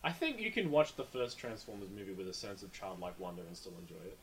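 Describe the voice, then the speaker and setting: A man's voice: on the low side, wildly swooping pitch, fast talker, a little hiss or hum, rough recording. A man in casual chat, rambling and opinionated, often repeating words as he restarts.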